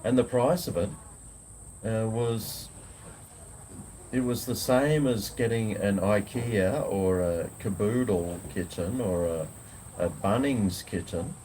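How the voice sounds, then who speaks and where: A man's voice: fairly low pitch, slow, dark tone, slight background noise. An Australian man, a food vlogger, chatting casually and rambling in a laid-back way on a home veranda. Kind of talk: casual live chat.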